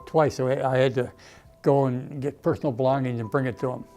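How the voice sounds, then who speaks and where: A man's voice: mid-range voice, steady tone, fairly quick, dark tone, faint music behind. An older man, an Army veteran, reminiscing emotionally in a documentary interview, often saying "okay" and "you know".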